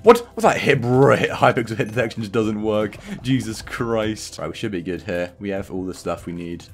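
A man's voice: on the low side, lively intonation, a little fast, soft background music. A man giving sarcastic, self-mocking commentary over his own gameplay as a video host. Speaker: gaming YouTuber.

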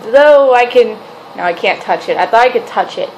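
A woman chats to her camera in a loose daily vlog, rambling and poking fun at herself. Her voice sits a little high. A faint hiss runs under it, and she sounds a short way off from the camera. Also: lively intonation, moderate pace, darkish tone, muffled recording. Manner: rambling, self-mocking, chatty. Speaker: vlogger and mother. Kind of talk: casual daily vlog chat. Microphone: camera set down a short distance away.

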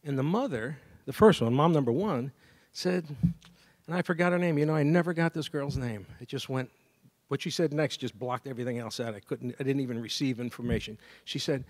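A man giving a graduation speech as a saxophonist, telling a story lively and scatting melodies. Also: medium pitch, normal speed. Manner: lively storyteller who scats melodies and acts out dialogue. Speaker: commencement speaker and saxophonist. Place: university degree ceremony.

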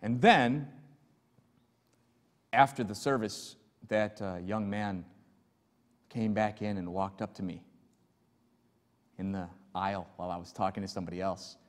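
A man's voice: lowish voice, fairly even intonation, a little slow, long pauses. A male pastor preaching an earnest, emphatic sermon and telling stories to his congregation in a church sanctuary. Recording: long church hall reverb.

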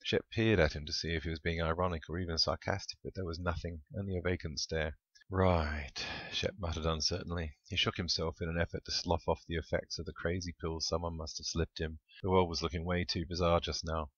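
Man, author reading his book, very low voice, wry deadpan delivery, dull dry recording. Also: quick pace, few pauses, slightly rough, no echo. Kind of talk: audiobook narration.

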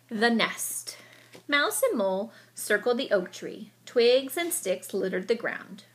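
A woman reading a children's picture book aloud with expressive storytelling, and she sometimes stops to explain the story. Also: a little high, slow pace, slight background noise.

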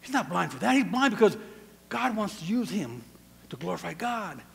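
Male pastor mid-sermon: high, gravelly voice, swings from hushed to shouting, long church reverb. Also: big pitch swings, normal speed. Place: church sanctuary.

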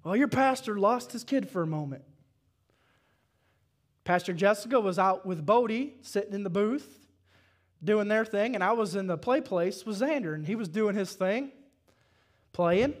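A man with a Southern US accent preaching a sermon at a church service, telling folksy stories and building up to shouted calls to his congregation. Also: high voice, lively intonation, moderate pace, long pauses. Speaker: pastor.

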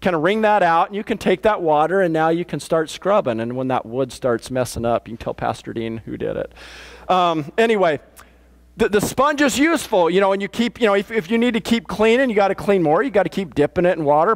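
A pastor with a high-sitting voice speaks fast in church, giving a conversational sermon. His manner is plain-spoken and matter-of-fact, and he often restarts his sentences.

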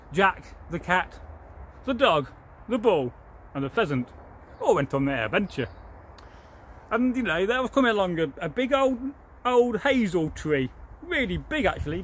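A man's voice: high voice, a little hiss or hum. A man with an English accent telling a folktale in a rambling, chatty way, full of asides. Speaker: storyteller. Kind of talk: casual oral folktale telling.

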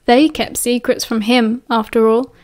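British female audiobook narrator, steady and expressive, slightly higher voice. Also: measured pace.

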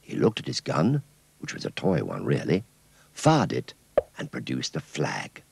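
A man narrating a children's cartoon story in an expressive storytelling manner. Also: very deep voice, measured pace, creaky, a little hiss or hum.

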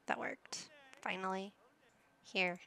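Slow, gravelly woman chatting over a game. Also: mid-range voice, steady tone, bright, forceful tone. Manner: chatty, teasing, talks to her characters. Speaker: gaming channel host. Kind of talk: casual let's-play commentary.

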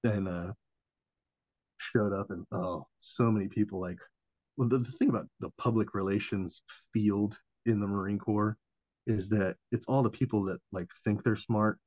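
A man's voice: lowish voice, steady tone, normal speed, a little mellow, no echo. A man in his thirties, a podcast guest and former Marine, telling a story in a laid-back, profane, casual way. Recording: dull lo-fi audio.

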